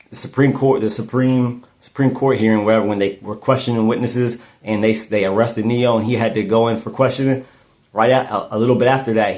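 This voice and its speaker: A man's voice: lowish voice, darkish tone. A man hosting a casual true-crime commentary podcast, thinking aloud and often repeating and restarting his words. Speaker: podcast host.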